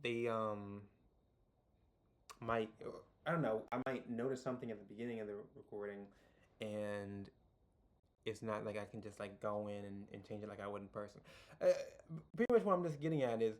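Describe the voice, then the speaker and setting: A man's voice: fairly low pitch, moderate pace, pauses often. A young man hosting a casual video tutorial, rambling with lots of fillers and restarts, and making self-deprecating jokes. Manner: self-deprecating, jokey asides.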